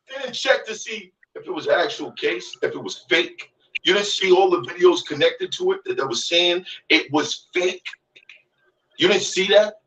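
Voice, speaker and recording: A man ranting angrily, shouting and repeating his lines for emphasis. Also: high-pitched, animated, normal speed, far from the mic, muffled recording, slight background noise. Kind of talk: heated rant from a played clip.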